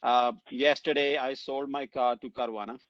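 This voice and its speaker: A man hosting a conversational interview, talking in a relaxed, rambling way with many fillers. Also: medium pitch, moderate pace, no room sound, highs cut off. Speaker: podcast host.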